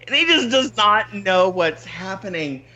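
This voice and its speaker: A podcast host telling a story in casual chat, animated, swearing freely and laughing often. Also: male voice, high-pitched, unhurried, dull audio.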